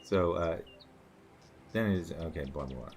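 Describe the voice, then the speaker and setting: A man's voice: deep voice, moderate pace, a little hiss or hum. A man giving a casual, rambling commentary monologue in a sarcastic tone, with frequent fillers and restarts. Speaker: commentator reacting to online posts.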